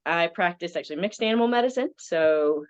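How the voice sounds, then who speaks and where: Here the thirtysomething vet guest from the American South talks a little fast and animatedly, her voice lowish and clean, with her Southern accent and frequent ums in a casual interview. There's no room sound, though the audio is dull.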